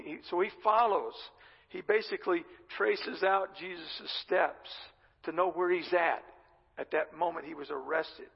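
A man with a high, gravelly voice delivers a sermon, retelling scripture as a relaxed, conversational story. His voice is husky, and it rings out with a long reverb in a church hall. The recording sounds somewhat dull and muffled. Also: moderate pace. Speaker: pastor.

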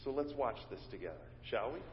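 A man's voice: medium pitch, animated, fast, background noise. A man preaching a sermon as pastor, teaching and leading his congregation in call and response. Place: church sanctuary. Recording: dull recording in a reverberant church hall.

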